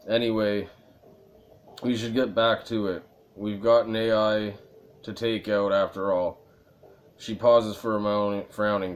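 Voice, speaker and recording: A man playing a video game and reading its dialogue aloud, with a sore throat from reading, and sometimes breaking into loud, exasperated rants. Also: lowish voice, measured pace, long pauses. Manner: reads flatly, then bursts into loud exasperated ranting. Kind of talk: let's play narration, reading text aloud.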